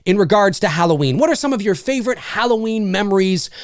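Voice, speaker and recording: A man's voice: high-pitched, fast, no echo, studio quality. A man in his forties hosting a casual vlog, ranting comically and swearing freely to the camera. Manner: animated, profane, comically ranting. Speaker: YouTube host.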